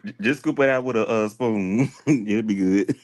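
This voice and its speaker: A man's voice: lowish voice, unhurried, a little mellow. A man, a co-host on a video call, teasing the host and laughing through casual banter. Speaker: co-host on panel. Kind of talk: casual livestream chat.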